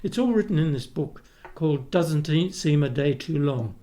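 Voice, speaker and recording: A man's voice: fairly high pitch, expressive, normal speed, dark tone. An older Australian man, a retired opera tenor, tells rambling anecdotes in a casual interview, restarting sentences and acting out the people he quotes.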